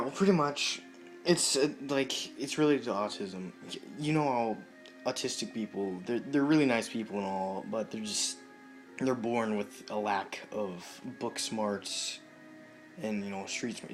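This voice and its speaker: A young man talking casually to the camera in a halting, hesitant way, with many restarts and fillers. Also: fairly low pitch, soft background music. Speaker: vlogger.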